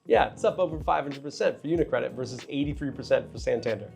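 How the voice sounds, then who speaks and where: A man in a middle register talks through his market outlook as a finance channel host, candid and quick with joking asides to the audience. His voice carries a gravelly rasp of vocal fry. Soft music plays faintly behind him. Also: mid-range voice, lively intonation. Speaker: finance video host and trader. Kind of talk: casual market commentary to camera.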